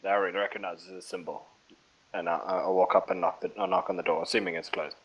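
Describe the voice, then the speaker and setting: A man's voice: low voice, sing-song, fast talker, gravelly, husky, poor audio. A man playing in a tabletop game, talking casually and hesitantly, stumbling over his words.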